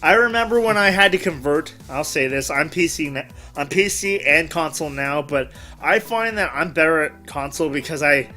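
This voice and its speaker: Chatty male host, very animated and bright, with quiet music underneath. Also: a little high, moderate pace, hardly any pauses. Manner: rambling, animated, self-correcting. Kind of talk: casual interview chat. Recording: background music.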